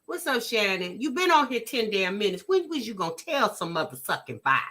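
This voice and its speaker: A woman hosting a reaction vlog, chatting casually with her live chat in an animated, exclamatory way and often restarting her sentences. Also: medium pitch, a little fast, few pauses. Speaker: vlog host reacting to a video.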